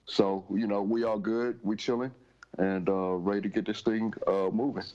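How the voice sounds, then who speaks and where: A man co-hosting a casual podcast, talking in a relaxed, drawling way. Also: fairly low pitch, moderate pace, muffled recording. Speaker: podcast co-host.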